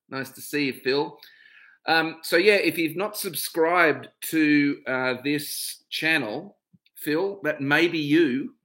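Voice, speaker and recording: A man's voice: mid-range voice, bright, forceful tone. A middle-aged man hosting his own livestream, chatting casually and greeting viewers one by one by name.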